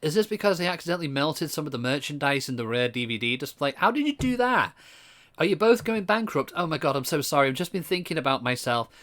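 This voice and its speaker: A man's voice: on the high side, expressive, quick pace, fairly bright tone. A man doing a flustered young shop clerk. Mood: anxious. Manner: anxious, apologetic, flustered. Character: nervous young male shop worker.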